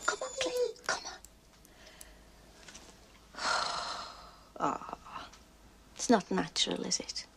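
Middle-aged housewife, sardonic film monologue, lively swooping delivery. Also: female voice, mid-range voice, takes it slowly, gravelly, long pauses, very noisy, heavily acted. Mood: coaxing. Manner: dry, sardonic, chatty. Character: wry, bored middle-aged Liverpool housewife.

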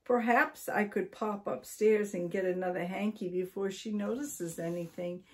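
A woman voicing a flustered, forgetful elderly husband in a storybook reading, talking in a hurried, apologetic way. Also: mid-range voice, lightly acted.

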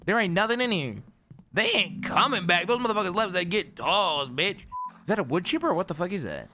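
A man streaming a game, reacting with excitable, profane, slangy banter. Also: sits high, a little fast, noisy background. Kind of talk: live gameplay reaction. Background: game music.

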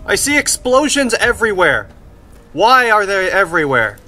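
A young man commenting on a video game he is playing, excitable and swearing, often yelling at the game. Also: high-pitched, normal speed. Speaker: let's play gamer. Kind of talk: gameplay commentary. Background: game music.

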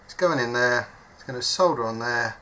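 A man speaks at normal speed in a sharp, medium-pitched voice. As a hobby modder working at an indoor workbench, he gives a casual step-by-step soldering demonstration, chatty and self-mocking while he thinks aloud.

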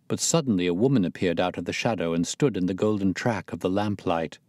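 Low-voiced male audiobook narrator. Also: brisk, hardly any pauses, a little mellow, no room sound, studio quality. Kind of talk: scripted narration.

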